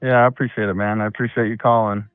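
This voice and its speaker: A male caller on an advice show who speaks plainly and in a low-key way. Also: level tone, quick pace, clear, resonant tone, dry recording. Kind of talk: phone-in conversation. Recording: tinny phone line with faint music.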